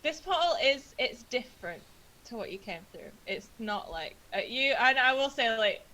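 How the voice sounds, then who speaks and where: A woman runs a tabletop game, narrating in a giggly, rambling way. Her voice sits a little high and rings bright. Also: animated, normal speed, rough recording. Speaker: game master.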